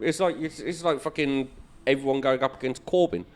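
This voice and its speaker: A comedian hosting a political chat show, blunt and profane, ranting about politics. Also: male voice, medium pitch, fairly quick. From England. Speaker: comedian and podcast host.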